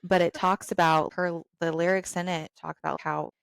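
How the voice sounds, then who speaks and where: A woman's voice: on the low side, level tone, normal speed, vocal fry, clean tone, dry recording. A woman podcast host in empathetic conversation, reflective and thinking aloud as she asks questions.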